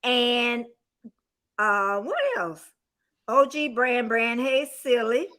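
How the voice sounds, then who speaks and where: A woman's voice: fairly high pitch, extremely slow, pushed and bright. A woman in her sixties hosting a casual livestream celebration, effusive and emotional, often exclaiming and laughing. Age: 60s. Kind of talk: casual chat.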